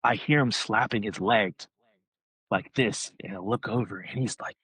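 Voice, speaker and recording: A man on a podcast, telling a story in a casual, excited way, rambling, restarting his sentences. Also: on the low side, normal speed, slightly rough, no room sound, low-quality recording.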